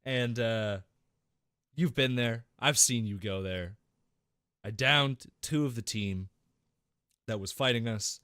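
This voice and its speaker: A man's voice: medium pitch, slow, long pauses, fairly bright tone, dry recording, clean studio sound. A young man co-hosting a podcast, telling a gaming story with a lot of swearing and acting out voices and gunfire. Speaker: podcast co-host. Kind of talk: casual gaming story chat.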